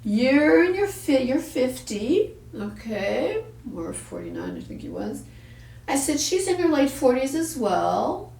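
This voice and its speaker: A woman's voice: high-pitched, wildly swooping pitch, unhurried, creaky, a little mellow, a little hiss or hum. A woman hosting a parenting talk, telling a story bluntly and with profanity, acting out the voices she quotes. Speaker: parenting show host. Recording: echoey room, far from the mic.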